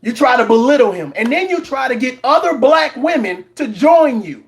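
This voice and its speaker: Very animated and very high-pitched, this commentary channel host talks at a moderate pace while reacting to content. He lectures his viewers, hammers words through repetition and imitates people mockingly.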